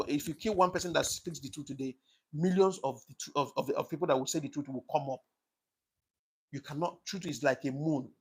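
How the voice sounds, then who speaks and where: Impassioned man, husky voice. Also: fairly high pitch, darkish tone. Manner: preachy, repetitive, emphatic. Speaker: commentator on his own channel. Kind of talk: impassioned political monologue.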